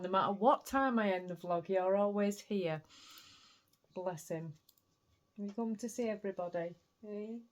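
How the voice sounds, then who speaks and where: A woman with a Yorkshire accent, chatting casually to camera in a home vlog and laughing often. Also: mid-range voice. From England. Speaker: vlogger. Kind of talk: casual chat.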